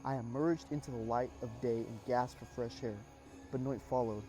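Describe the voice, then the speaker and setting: A man tells a spooky war story in the first person, measured and suspenseful. His voice is dark and mellow at a middle pitch, and soft music plays underneath. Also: fairly even intonation. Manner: measured, suspenseful, with casual asides. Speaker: horror story narrator.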